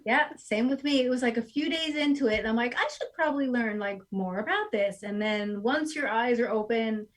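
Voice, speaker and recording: A woman in her forties, guest on a casual podcast interview, telling her story with lively quoted asides in her own voice. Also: on the high side, normal speed, few pauses. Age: 40s. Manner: animated storyteller who acts out her past self in quotes. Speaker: guest, goat sanctuary owner. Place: rural home.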